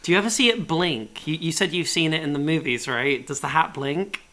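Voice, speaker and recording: A man's voice: fairly high pitch, fairly quick, bright, forceful tone. A man co-hosting a podcast in casual chat, asking wry, teasing questions. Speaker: podcast co-host.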